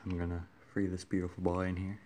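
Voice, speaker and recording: A man filming a casual vlog on his phone, muttering in a deadpan, self-mocking way. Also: deep voice, quick pace, very noisy. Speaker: vlogger. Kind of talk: casual toy unboxing vlog. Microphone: phone camera.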